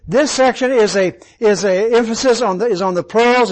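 A man's voice: high voice, moderate pace, hardly any pauses, poor audio. A man teaching a Bible study, quizzing his listeners with questions and repeating key words for emphasis.

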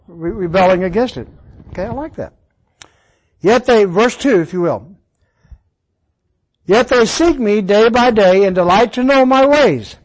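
High-voiced man teaching a Bible class. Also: rough recording. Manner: conversational, explains verse by verse.

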